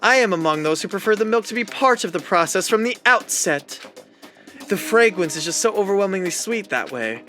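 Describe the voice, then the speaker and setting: A man's voice: sits high, expressive, brisk, pushed and bright, faint music behind. A man voicing a prim, haughty young woman gambler from a game, reading her lines aloud in a lofty, fussy way.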